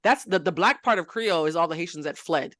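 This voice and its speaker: A woman hosting a podcast, chatting casually in an animated, jokey, rambling way. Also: on the low side, fast, no echo, studio quality. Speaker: podcast host. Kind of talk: casual chat.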